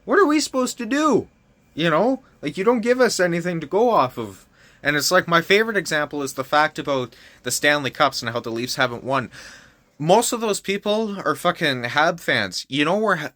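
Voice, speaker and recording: A young man from Canada with a bright, ringing voice vents in a loose, unscripted rant. He swears freely and sounds fired up and exasperated. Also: on the high side, lively intonation, normal speed, no echo. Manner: heavy swearing, fired-up and frustrated. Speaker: vlogger. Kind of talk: casual opinion rant.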